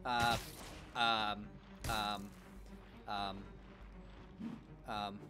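A man's voice: fairly low pitch, little pitch movement, extremely slow. A young man doing goofy let's play commentary with crude jokes. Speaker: gaming YouTuber. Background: game music.

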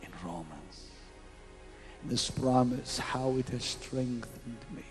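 At a large crusade, a medium-pitched man preaches a revival sermon, moving between loud exclamations and hushed whispers in a slow, drawn-out delivery. It's a 1990s live event recording with faint music.

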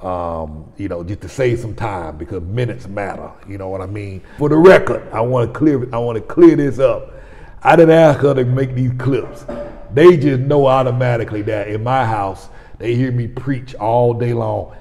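With a mid-range, darkish voice at an ordinary pace, a forty-something man tells a personal story on his own vlog. The storytelling is casual and conversational, full of restarts, and the audio carries a long reverb.

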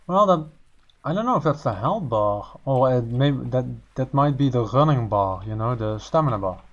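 A man's voice: mid-range voice, animated, normal speed, dull audio. A man co-hosting a casual game playthrough, joking and laughing, with stammered restarts. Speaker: gaming co-host. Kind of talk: casual let's-play chat.

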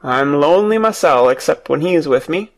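A man's voice: on the high side, lively intonation, moderate pace. A man voicing a surly, blunt old male gardener in an audiobook, speaking in a rustic dialect.

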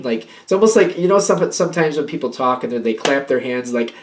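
A man giving a casual tarot reading. He talks in an animated, rambling way, repeating himself and acting out little pep talks. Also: medium pitch, fairly quick, few pauses, a little hiss or hum. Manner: animated, acts out little pep-talk quotes; rambling, repeats and restarts phrases. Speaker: tarot reader.

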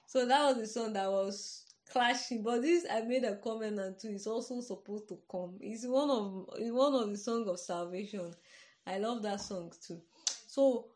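A woman's voice: fairly high pitch, darkish tone. A Nigerian-accented woman preaching in an informal podcast sermon, earnest and conversational, often checking "you understand?".

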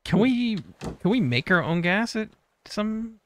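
A man's voice: high-pitched, sing-song, a little slow, a bit bright, slight background noise. A man streaming a co-op survival game, joking crudely with his partner and reading viewer chat aloud. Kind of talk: casual co-op gameplay chat.

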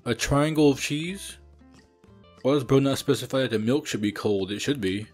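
A young man commentating a horror game he is playing, loud and exasperated, with lots of slang and cursing. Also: mid-range voice, moderate pace, faint music behind. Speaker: gaming streamer. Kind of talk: let's play commentary.

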